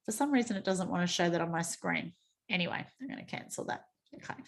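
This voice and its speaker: An Australian woman hosting a team training call, chatty and quick to joke at her own typing slips. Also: lowish voice, creaky. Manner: chatty, self-mocking, exclaims over slips. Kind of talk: screen-share training call. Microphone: video call.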